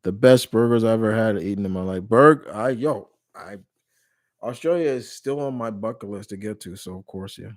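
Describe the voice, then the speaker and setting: A man's voice: on the low side, normal speed. Rambling man hosting a live Q&A. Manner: rambling, with frequent restarts and self-corrections. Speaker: live stream host answering viewer questions. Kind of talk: casual live Q&A chat.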